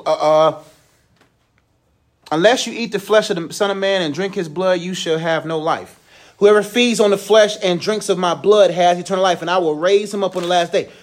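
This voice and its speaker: A young man who teaches a class, reading scripture aloud and explaining it in informal, slangy talk. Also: high-pitched. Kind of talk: Bible lesson to a class.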